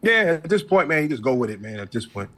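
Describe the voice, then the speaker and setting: A man co-hosts a casual chat, mostly reacting to his partner with short remarks. His voice is bright and forward, and his pitch moves a lot. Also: sing-song, fast. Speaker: co-host.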